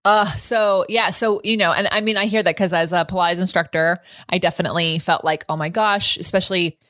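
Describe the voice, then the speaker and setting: A woman's voice: on the low side, steady tone, fairly quick, pushed and bright, dry recording, studio quality. A woman in her thirties hosting a podcast, chatting frankly and laughing often as she asks questions. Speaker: podcast host. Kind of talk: casual interview chat.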